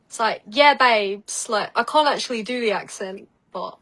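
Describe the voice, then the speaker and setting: A woman's voice: mid-range voice, fairly quick, a bit bright, rough recording. A woman with an Essex English accent, a psychic guest chatting casually on a podcast and giving tarot readings with lots of "like" and "um". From Essex, England. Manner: chatty, laughs easily, many "like" and "um" fillers.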